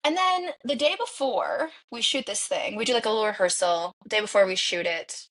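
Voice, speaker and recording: A woman, a podcast guest, telling a story in an animated way and acting out the quoted dialogue. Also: medium pitch, a little fast. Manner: acts out quoted dialogue with lively shifts.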